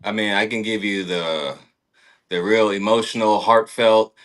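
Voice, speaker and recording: Laid-back, lower-voiced man telling stories. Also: a little slow, fairly bright tone. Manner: laid-back storyteller with dry humor. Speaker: podcast guest, dancer and choreographer. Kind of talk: casual chat.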